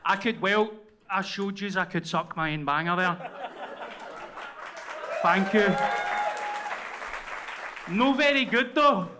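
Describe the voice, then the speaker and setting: A man's voice: sits high, slow, pauses often. A man with a Glaswegian accent hosting a live podcast, trading sweary, laughing, teasing banter on stage. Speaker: podcast host. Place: live show venue with audience. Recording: live audience crowd noise.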